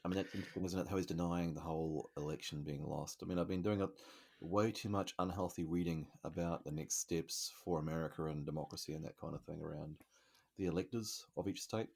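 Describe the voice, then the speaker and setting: Male podcast co-host with a low, gravelly voice, joking in a playful, offhand way. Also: steady tone, fast talker, a little mellow. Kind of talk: casual comedy chat.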